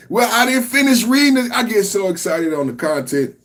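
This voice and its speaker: A man hosting a podcast, giving casual, excitable, profane reaction commentary and laughing often. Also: high-pitched, fairly quick, few pauses. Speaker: podcast host.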